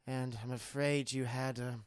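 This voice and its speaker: A man voicing a sinister older male recluse who speaks in a low, slow, drawn-out way. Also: flat delivery, clean tone, no echo, clean studio sound, lightly acted.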